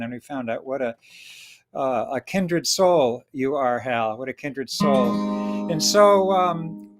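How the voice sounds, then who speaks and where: A man who is a folk singer and choir director, speaking playfully and animatedly to a friend on a livestream. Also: medium pitch. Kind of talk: telling a children's story, then singing.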